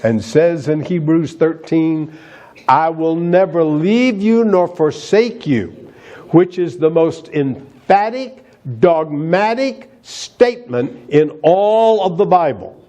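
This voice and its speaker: A man's voice: fairly high pitch, expressive, takes it slowly, warm tone. A man preaching a sermon as pastor, emphatic and asking the congregation rhetorical questions.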